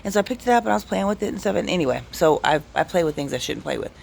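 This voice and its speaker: A man's voice: sits high, racing, vocal fry, slight background noise. A man telling casual, rambling anecdotes on his vlog. He cuts himself off and restarts often. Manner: rambling, self-interrupting, animated anecdotes. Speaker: vlogger. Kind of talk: casual storytelling.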